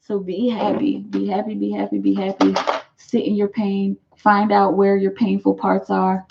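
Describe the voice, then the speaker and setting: A woman's voice: mid-range voice, completely flat delivery, moderate pace, vocal fry, dull audio, background noise. A woman giving a live tarot reading to her viewers, emphatic and affectionate, repeating her phrases for weight. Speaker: tarot reader.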